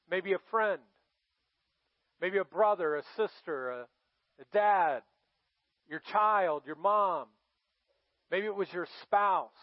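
A male pastor with a high voice delivers a sermon at an unhurried pace, telling the story with dramatic emphasis. The recording is dry and a little dull and lo-fi. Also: no room sound. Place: church.

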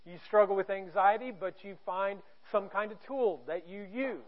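Speaking at normal speed in a high voice, this Indiana pastor jokes and pokes fun at himself while candidly preaching in a church auditorium. The audio is thin and phone-like.

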